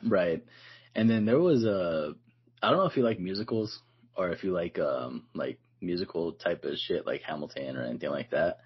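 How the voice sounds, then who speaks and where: A man co-hosting a podcast in casual chat, relaxed and loose, says "like" a lot and laughs often. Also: sits low, normal speed, slightly rough, highs cut off. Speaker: podcast co-host.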